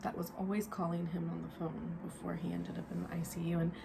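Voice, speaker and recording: Speaking fast in a level tone, this young woman's low voice carries vocal fry over background noise. She's a vlogger doing a casual storytime as she gets ready, candid and rambling, full of fillers, and now and then she whispers.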